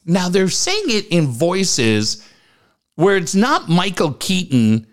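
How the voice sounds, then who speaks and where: A middle-aged man with a Southern Californian accent co-hosts a studio podcast, speaking slowly in a high-pitched voice. In casual chat he tells a story animatedly, acting out the voices of the people involved.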